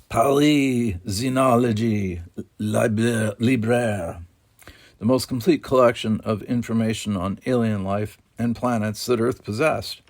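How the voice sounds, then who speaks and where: Low-voiced man reading a novel aloud. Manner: steady, measured narration. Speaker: audiobook reader.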